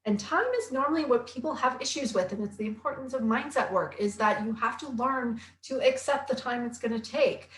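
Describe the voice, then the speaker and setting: A woman who works as a health coach and author, chatting casually on a live stream and reading viewer comments aloud in an upbeat way, with quick asides and many fillers. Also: fairly high pitch, a bit bright. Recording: roomy echo.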